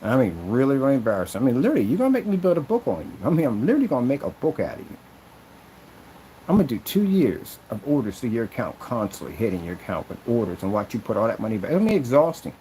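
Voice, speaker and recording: Very animated and quick, this projection screen maker and seller has a warm, medium-pitched voice as he rants aggrievedly in a casual vlog, rambling and repeating himself. A little hiss or hum runs through the low-quality recording.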